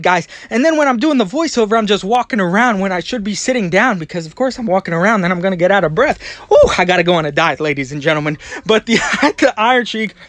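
Casting: breathless, excitable male toy vlogger, high-pitched, dry close mic. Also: no echo. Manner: excitable, rambling, repeats words. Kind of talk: excited voiceover commentary.

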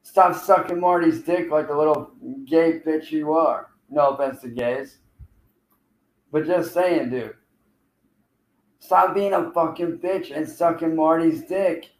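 A streamer speaks slowly with a steady tone and fairly high pitch, taunting and cursing at a rival who keeps not showing up. The recording is rough and reverberant.

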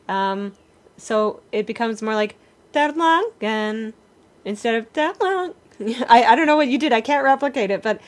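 A woman teaches a vocal workshop over a video call. Her voice sits fairly high, and she moves between friendly explanation and sung examples, always encouraging her students. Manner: encouraging, demonstrates phrases by singing. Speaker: singing teacher.

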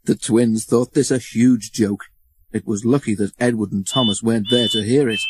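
A man reading a children's storybook aloud, expressive and acting out the story. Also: fairly low pitch, moderate pace, slightly rough. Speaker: narrator.

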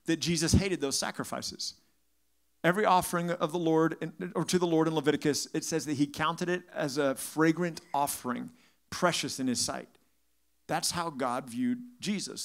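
A man's voice: fairly high pitch, fairly bright tone. A man pastor preaching a sermon to a congregation, firing off rhetorical questions and acting out the voices of the crowd. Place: church sanctuary.

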